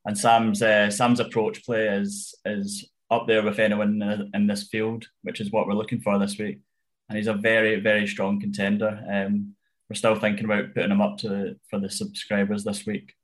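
Low, flat-voiced man giving golf tips. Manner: analytical, measured, with frequent ums. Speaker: golf betting tipster. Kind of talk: casual chat.

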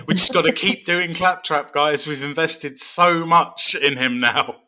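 Bright-voiced wry man chatting. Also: on the high side, fairly even intonation, slow pace. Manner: wry, jokey, laughs often. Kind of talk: casual chat about games.

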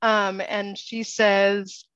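A woman's voice: medium pitch, little pitch movement, drawn-out words, fairly bright tone, clean tone, dry recording, lo-fi sound. A woman guest player who describes her character in a rambling, hesitant way. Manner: rambling, hesitant, many fillers. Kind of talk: casual tabletop game chat.

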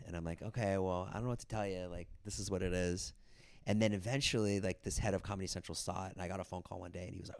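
Here a man with a low, darkish voice races along with fairly even intonation and some vocal fry, recorded without echo. A comedian and filmmaker guesting on a podcast, he tells meandering casual stories and performs other people's lines in put-on voices.

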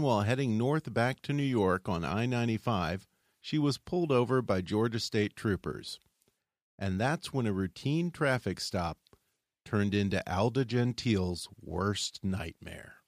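A man hosting a podcast, reading scripted narration in a measured, dramatic way. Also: fairly low pitch, expressive, no room sound, studio quality.

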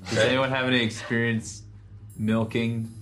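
A man's voice: medium pitch, little pitch movement, normal speed, fairly bright tone, faint music behind. A man playing in a tabletop game, talking casually and a little hesitantly. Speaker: player.

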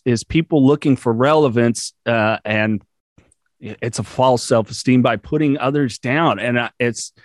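Man host, relaxed and reflective, casual podcast chat, dry close mic. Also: mid-range voice, no echo. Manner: laid-back, reflective, casual swearing.

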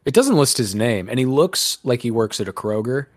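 A man runs a loose, rambling podcast chat, full of sarcasm and casual swearing. His voice sits at an ordinary middle pitch. The sound is dry and close, with little room around it. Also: big pitch swings, moderate pace, no echo. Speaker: podcast host.

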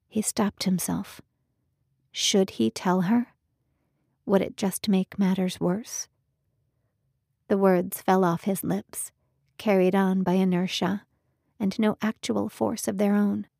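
A woman narrating a romance novel in a calm, measured audiobook reading. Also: mid-range voice, vocal fry, slightly rough, dry recording, clean studio sound. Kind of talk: scripted narration.

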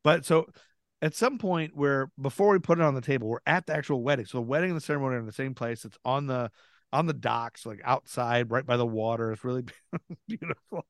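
A man's voice: medium pitch, brisk, dry recording, clean studio sound. A man as a podcast guest, telling a story with lots of laughter and swearing, acting out what people said. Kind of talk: casual storytelling.

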